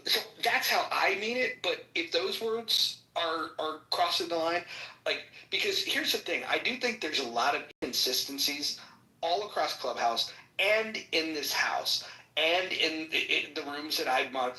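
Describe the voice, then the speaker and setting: A man's voice: on the high side, bright, forceful tone, reverberant, low-quality recording. A man moderating an audio chat room, talking casually with many restarts and fillers.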